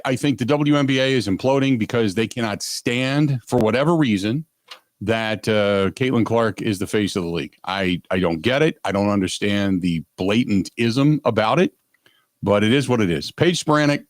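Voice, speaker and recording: A man's voice: fairly low pitch, normal speed, no room sound. Rambling sports radio host man, dry studio sound. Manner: rambling, stumbles and repeats himself, exasperated. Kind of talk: casual sports talk radio.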